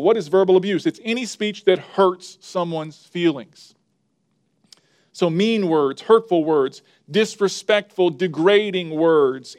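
A male pastor delivers a sermon in a somewhat high voice, recorded dry and close. He talks emphatically, repeating key words and counting through his points one by one. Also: darkish tone, no room sound.

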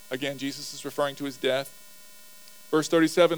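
A man's voice: fairly high pitch, fairly even intonation, normal speed, clean tone, rough recording. A man teaching a Bible passage verse by verse, reading aloud and explaining it in a conversational way. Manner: explanatory, reads verses aloud then comments, occasional chuckles.

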